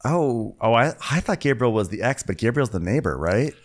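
A man co-hosting a comedy podcast, recapping a reality show with dry jokes and slow, low impressions. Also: animated.

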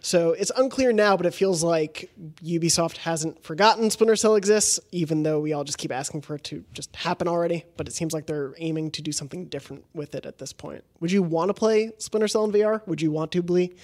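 A man hosting a podcast in casual chat, moving through news items with a steady delivery and fillers. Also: fairly high pitch, a little fast, few pauses. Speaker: podcast host.

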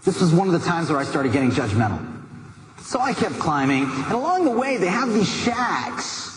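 Man, high voice, motivational storyteller, conversational, noisy echoey hall. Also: moderate pace. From United States. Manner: lively, conversational storytelling with asides to the listener. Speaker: motivational speaker. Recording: echoey hall with background noise.

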